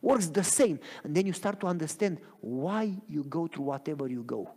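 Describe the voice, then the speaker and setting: Animated preaching man in a reverberant church. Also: a little high, moderate pace. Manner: animated preaching with frequent rhetorical questions. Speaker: pastor. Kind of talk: sermon. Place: church sanctuary.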